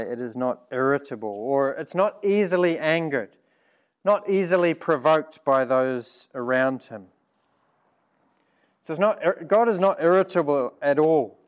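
A man preaching a sermon in an earnest, measured way, asking rhetorical questions. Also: a little high, lively intonation, muffled recording.

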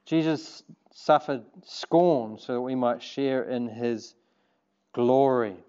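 A man's voice: medium pitch, takes it slowly, warm tone, smooth, dull audio. A man preaching a sermon, earnest and conversational, turning to the congregation with asides. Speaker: pastor.

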